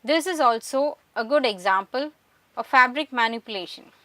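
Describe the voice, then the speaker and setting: Woman reading lecture notes, pretty high bright voice, sounds a bit far from the mic, dry. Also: expressive, no room sound. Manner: measured, explanatory. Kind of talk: scripted lecture narration. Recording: voice distant from the mic.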